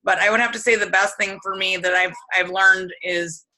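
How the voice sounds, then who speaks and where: Bright-voiced woman sharing earnestly. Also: mid-range voice, steady tone, poor audio. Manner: halting, many restarts and fillers, earnest. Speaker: host of a support group video call. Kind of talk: emotional personal sharing on a group call. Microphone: video call.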